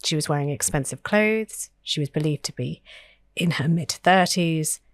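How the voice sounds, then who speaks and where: An earnest woman co-hosting a history podcast, thinking aloud with fillers and restarts. Her voice sits a little low. The sound is dry and close. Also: animated, moderate pace, dry recording. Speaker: podcast co-host.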